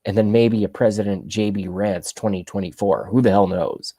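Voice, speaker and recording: A man's voice: on the low side, fairly even intonation, normal speed, dark tone, no echo. A man in his thirties hosting a political livestream, ranting sarcastically and rambling as he talks to his chat. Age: 30s. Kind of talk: ranting opinion commentary.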